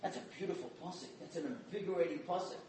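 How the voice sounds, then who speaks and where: A man giving an inspirational sermon as a dramatic storyteller, dropping to hushed tones and rising to loud emphasis. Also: high-pitched, rapid-fire, a little hiss or hum. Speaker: guest speaker. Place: community event hall. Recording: echoey hall from far off, faint ambience.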